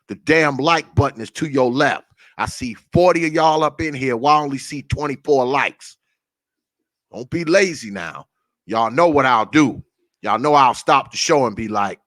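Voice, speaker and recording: A man's voice: mid-range voice, lively intonation, unhurried, a bit bright, dry recording, studio quality. A man hosting a casual livestream, greeting viewers by name with a profane, laughing, loose manner. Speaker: livestream host.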